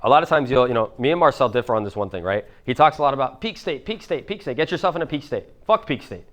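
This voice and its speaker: A man's voice: medium pitch, animated, fairly bright tone. A young man with a Miami accent coaching a live seminar audience, casual and profane, full of fillers. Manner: casual, profane, fast, many fillers like "like" and "bro". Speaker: business coach.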